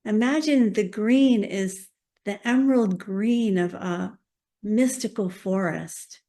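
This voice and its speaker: Woman reverend guiding a meditation, real slow and soft, low gravelly voice. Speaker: reverend leading a service. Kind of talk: guided meditation in a sermon. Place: church service also streamed on a video call.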